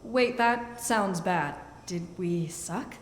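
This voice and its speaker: A woman's voice: on the low side, takes it slowly. An actress voicing an anxious young female dinosaur in a band, hesitant and stammering. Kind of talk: video game voice acting.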